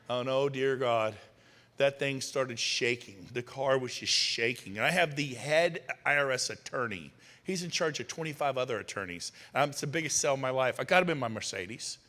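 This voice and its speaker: A middle-aged man speaking on stage to an audience, telling punchy stories and firing quick questions at the crowd. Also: medium pitch, bright, forceful tone. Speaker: motivational speaker. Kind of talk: energetic stage talk to an audience. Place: large hall. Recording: long reverb in a large hall.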